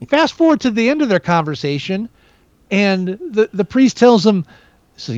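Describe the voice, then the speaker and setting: Lively high-voiced man rambling about a movie. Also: unhurried, dry recording. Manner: rambling, many restarts, animated. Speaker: podcast co-host. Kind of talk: casual movie review chat. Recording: dull lo-fi dry sound.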